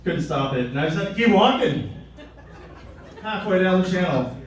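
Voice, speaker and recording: Young male stand-up comedian, crude and rambling, a touch high, live in a very echoey club with the mic a little distant. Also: animated, moderate pace. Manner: crude, rambling, jumps to loud high voices for quoted people.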